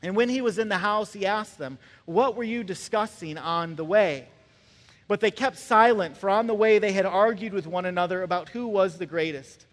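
A man delivers a conversational sermon, slipping into short acted voices as he tells his stories. His voice sits high for a man. The sound carries the long reverb of a large church hall. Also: moderate pace. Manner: conversational, acts out voices of characters. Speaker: pastor.

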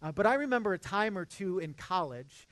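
High-voiced man preaching a sermon, dry sound. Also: lively intonation, fairly quick, fairly bright tone, dry recording. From Midwest United States. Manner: earnest, conversational preaching with frequent restarts. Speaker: pastor.

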